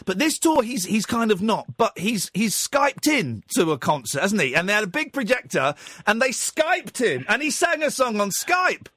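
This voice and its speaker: A British radio host, talking to listeners in a chatty, excitable way. His voice sits high and swoops up and down as he talks. The studio sound is dry and close. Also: moderate pace, few pauses, no echo. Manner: chatty, excitable, laughs loudly. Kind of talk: casual radio chat.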